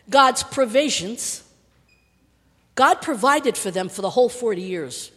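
An older woman preaching a sermon with passion, repeating words for emphasis and swinging from loud to hushed. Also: on the high side, expressive, a little slow, long pauses, husky. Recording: long reverb of a large hall.

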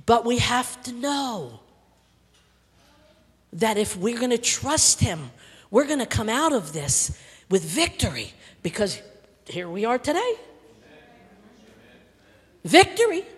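A woman's voice: sits high, breathy edge. Impassioned older woman preaching in a hall. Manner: impassioned, repeating words for emphasis, swings from loud to hushed. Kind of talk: sermon. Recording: long reverb of a large hall.

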